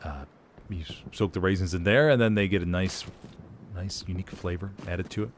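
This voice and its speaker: A man casting a live game, chatting casually in rambling, relaxed asides. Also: sits low, a little fast, a little hiss or hum. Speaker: game caster. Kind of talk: casual chat during live game commentary.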